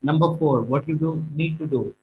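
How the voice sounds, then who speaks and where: A man teaching speaking exam tips, stressing key words and slowing down to make points. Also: fairly high pitch, narrow, tinny audio. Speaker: IELTS tutor.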